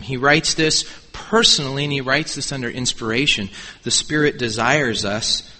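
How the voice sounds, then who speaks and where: A man's voice: mid-range voice, moderate pace, sharp tone. A man preaching a sermon as pastor, emphatic and repeating key words for weight. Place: church sanctuary. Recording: long reverb in a large church hall.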